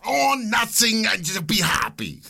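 A man's voice: high-pitched, wildly swooping pitch, measured pace, vocal fry, sharp tone, husky, pitched above the performer's own voice, full character voice. A man putting on an exaggerated, garbled foreign-sounding accent to mock an older male executive.

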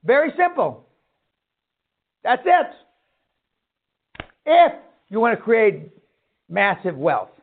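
A man lectures a seminar crowd in a blunt, profane rant, hammering his points home. His voice sits very high for a man. The sound is thin and narrow, like a phone line. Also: wildly swooping pitch, slow, long pauses. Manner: blunt, swearing, ranting. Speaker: seminar speaker.

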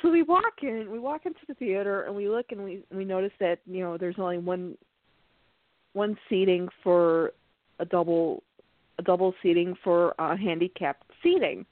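A woman's voice: fairly low pitch, moderate pace, no room sound. A woman host telling a funny personal story in a casual way, often laughing as she talks. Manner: animated, laughs through her story. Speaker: podcast host. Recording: tinny phone-like line, dry.

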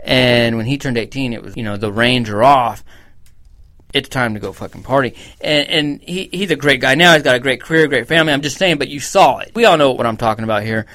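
A male podcast co-host in easygoing talk. He tells stories bluntly, full of swearing and quick asides, at an ordinary, middling pitch. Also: sharp tone. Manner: profane, blunt storytelling. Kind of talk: casual podcast chat.

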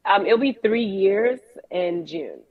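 A woman from New York, a podcast guest, chatting in a relaxed way and laughing easily. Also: medium pitch, slow pace, crowd noise. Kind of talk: casual interview chat. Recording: muffled remote call audio.

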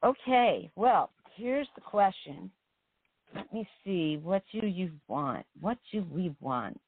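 A woman's voice: fairly low pitch, lively intonation, takes it slowly, breathy edge, no echo. A woman poet being interviewed on the radio, speaking in a meandering, reflective way. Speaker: poet guest. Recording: tinny phone line.

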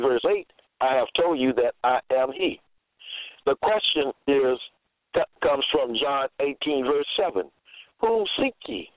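A man teaching from scripture in a slow, deliberate way, reading out verse after verse and restating each one. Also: medium pitch, dry recording. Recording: tinny phone-line sound, dry.

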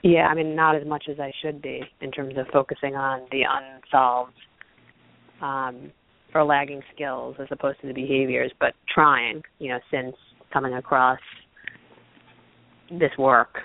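A man's voice: mid-range voice, level tone, unhurried, vocal fry. A man calling an advice show as a parent, hesitant and a little self-critical. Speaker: caller, parent. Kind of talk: phone call to an advice show. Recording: tinny phone line.

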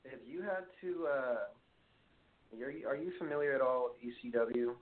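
Rambling, profanity-laced stories come from a Brooklyn podcast host with a New York accent and a medium-pitched voice that runs a little slow. He's hosting a casual call-in interview, and the sound is tinny like a phone line, with faint noise.

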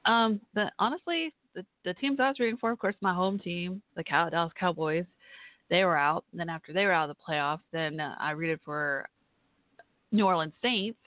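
A woman's voice: lowish voice, normal speed, no echo. A chatty, friendly woman from Texas with a Southern accent, hosting a casual call-in talk show and laughing often. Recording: tinny phone-line sound.

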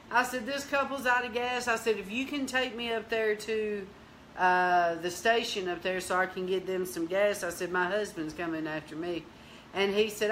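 A woman hosting a Christian teaching show, telling a lively testimony, acting out the dialogue and breaking into prayer and praise. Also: mid-range voice, normal speed, slight background noise. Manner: lively storyteller, acts out dialogue, bursts into praise.

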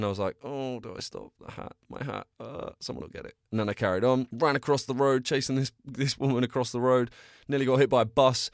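A man's voice: mid-range voice, dry recording, studio quality. A young man hosting a solo podcast, chatting casually in a rambling, self-deprecating way and telling stories with bursts of energy. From England. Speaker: podcast host.

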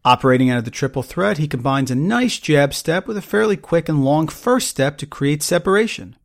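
A man hosting a solo sports podcast, running through picks with quick, opinionated verdicts and joking asides. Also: a little high, lively intonation, gravelly. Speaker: podcast host.

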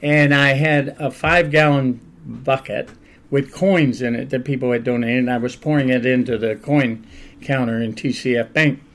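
An older man, a pastor, telling stories in a relaxed, conversational interview and laughing often along the way. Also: mid-range voice, normal speed. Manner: animated anecdotal storyteller, laughs often.

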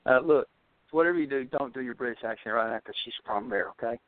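A man's voice: medium pitch, no echo. Man reading poetry over a phone line. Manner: measured when reading, friendly and joking. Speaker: caller. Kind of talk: poetry reading and casual chat.

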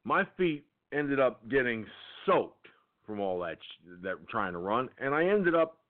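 Male talk-radio host, angry profane rant, animated delivery, thin phone-quality audio. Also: medium pitch, measured pace. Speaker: internet radio show host. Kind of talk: ranting monologue. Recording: tinny phone-line sound.

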